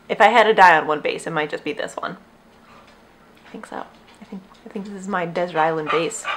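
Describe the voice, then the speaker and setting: A woman's voice: mid-range voice, fairly bright tone, slight background noise. Young woman, casual chat, rambling, chatty, talks to her dog mid-sentence. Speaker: knitting podcast host. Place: at home with dogs.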